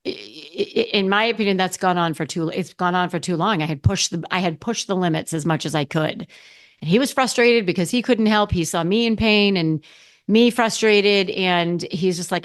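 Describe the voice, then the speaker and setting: A woman's voice: medium pitch, animated, moderate pace. A middle-aged woman hosting her own podcast, talking casually and candidly, often restarting and correcting herself. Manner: candid, rambling with frequent restarts and self-corrections. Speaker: podcast host. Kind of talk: casual solo podcast talk.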